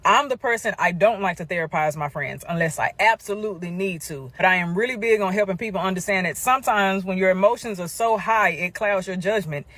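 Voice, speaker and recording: A woman's voice: medium pitch, fairly quick, hardly any pauses, fairly bright tone, dry recording. A woman telling a personal story in a chatty way, talking straight to viewers. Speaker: storyteller in a shared clip. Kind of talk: casual storytelling to camera.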